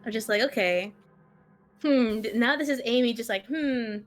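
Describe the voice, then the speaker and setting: A woman playing a tabletop role-playing game, describing her character's moves in a relaxed, playful way. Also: a little high, moderate pace. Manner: playful, voices her character's speech in quotes. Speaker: tabletop player. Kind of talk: casual tabletop play.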